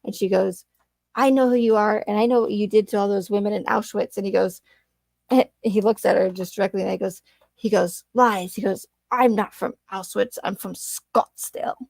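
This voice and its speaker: Animated woman host, creaky voice. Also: medium pitch, brisk, no echo. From Arizona. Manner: animated storytelling with frequent laughs and fillers. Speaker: channel host. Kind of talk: casual livestream chat.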